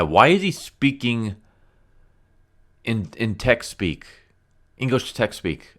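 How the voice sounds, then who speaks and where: A man with a very low voice delivers a casual comic book review as a rant. He sounds blunt and exasperated and keeps leaning on fillers like "like" and "you know.". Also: sing-song, slow pace, long pauses, a bit bright.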